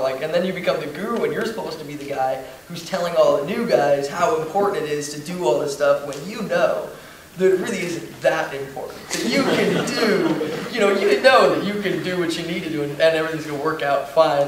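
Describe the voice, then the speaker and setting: Relaxed young man, very echoey hall. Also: on the high side, fairly quick. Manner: relaxed, many "like" and "you know" fillers. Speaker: student veteran panelist. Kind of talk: casual reflective talk at a panel. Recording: very echoey room, distant mic, faint noise.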